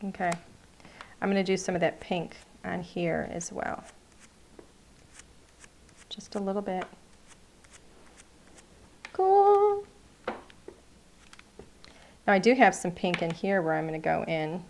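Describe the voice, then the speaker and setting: Casting: chatty, playful woman craft-class host, slightly low voice, faint background hiss. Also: animated, measured pace, vocal fry, pauses often. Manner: chatty, playful, narrates each step. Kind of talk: live crafting demonstration.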